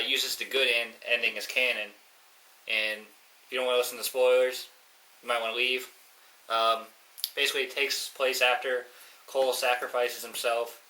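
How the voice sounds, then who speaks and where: Bright-voiced podcast co-host. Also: male voice, mid-range voice. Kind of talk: casual chat and game preview. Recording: roomy echo.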